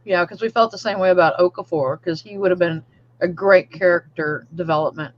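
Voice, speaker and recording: A woman co-hosting a casual fan podcast, animated, saying y'all and laughing often. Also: on the low side, a little fast, dull audio. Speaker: podcast co-host.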